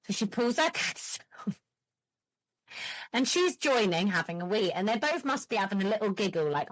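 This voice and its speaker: A woman's voice: medium pitch, measured pace, pauses often. Woman telling a story. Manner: animated storyteller, frequent laughs, swearing. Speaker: podcast host. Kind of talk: casual chat.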